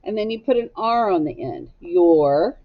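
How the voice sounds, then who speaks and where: A woman's voice: fairly low pitch, expressive, a little slow, highs cut off. A woman teacher giving a recorded phonics lesson for children, spelling words out letter by letter in a patient, encouraging way. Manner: gently encouraging.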